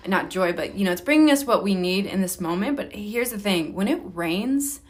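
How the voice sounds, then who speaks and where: A woman's voice: medium pitch, expressive, normal speed. Blunt, joking woman co-host. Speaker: podcast co-host. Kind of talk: casual chat.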